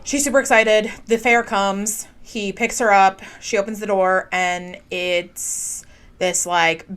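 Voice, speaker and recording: A woman's voice: mid-range voice, fairly even intonation, slow, fairly bright tone, smooth. A woman co-hosting a podcast, retelling a true crime story in a chatty way, with lots of "like". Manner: chatty storytelling, heavy use of "like". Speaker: podcast co-host.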